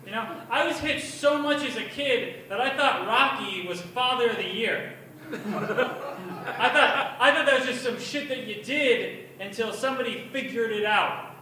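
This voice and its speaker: High, bright young man doing crude stand-up. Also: measured pace, a little hiss or hum. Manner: crude, self-mocking, energetic storytelling. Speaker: stand-up comedian. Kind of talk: open mic stand-up. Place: bar open mic stage. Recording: echoey bar from far off.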